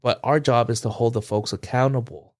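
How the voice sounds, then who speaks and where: A man's voice: medium pitch, a little fast. Man telling a story on a podcast. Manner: animated retelling, acts out quoted voices, fillers like "like". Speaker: podcast co-host. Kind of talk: casual storytelling chat.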